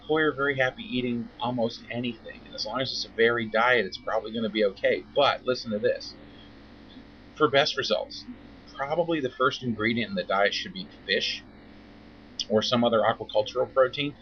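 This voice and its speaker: A man giving an informal talk as a koi veterinarian, chatty and wry, acting out mock quotes. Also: on the low side. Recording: dull lo-fi recording with faint noise.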